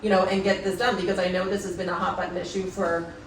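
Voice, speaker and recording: A woman's voice: on the low side, flat delivery, quick pace, a little hiss or hum. A woman at a public board meeting, speaking conciliatorily and hesitantly, with many restarts. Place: town meeting room. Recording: echoey room from far off.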